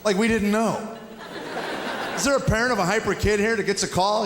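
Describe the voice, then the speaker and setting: A middle-aged man from Tennessee working a live stage with a dry, deadpan storytelling manner, slipping into quick acted-out quotes. His voice sits fairly high for a man. It rings through a large echoey hall with a long tail, and the audience is clearly heard behind him. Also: background noise. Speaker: stand-up comedian. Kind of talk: stand-up routine.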